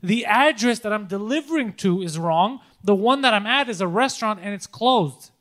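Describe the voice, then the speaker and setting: A man's voice: high voice, lively intonation, moderate pace, fairly bright tone. A young man co-hosting a podcast, telling stories in a loose, swearing, casual chat and acting out quotes. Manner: storytelling, swears a lot, acts out quotes. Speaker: podcast co-host.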